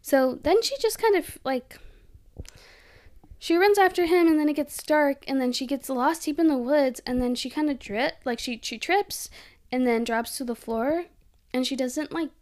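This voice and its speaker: A young woman casually recapping a movie, animated and giggly, with lots of "like". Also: sits high, moderate pace. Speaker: podcast co-host.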